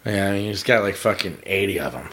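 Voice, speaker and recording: A man's voice: low voice, lively intonation, fast talker, a bit bright. A man, a pit crew member on a podcast as a guest, talking in casual chat, eager, laughing easily.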